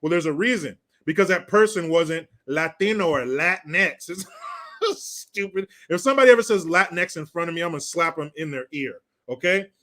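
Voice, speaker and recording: A man's voice: fairly high pitch, moderate pace, sharp tone. A man hosting a live stream, ranting through political commentary in a crude, sarcastic way and swearing freely. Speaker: livestream host.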